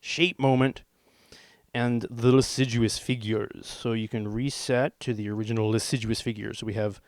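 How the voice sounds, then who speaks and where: A man's voice: mid-range voice, steady tone, normal speed, darkish tone, dry recording. A man casually walking through a synthesizer demo, rambling and jokey, with the odd swear and silly put-on accents. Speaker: gear reviewer demonstrating a synth. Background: synthesizer tones playing.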